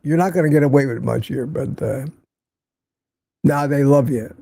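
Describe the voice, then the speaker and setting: Older man, gravelly, teasing livestream host. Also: mid-range voice, normal speed, dark tone, no echo, clean studio sound. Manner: reads viewer comments aloud, teasing and chatty. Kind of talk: casual livestream chat. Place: home in Florida.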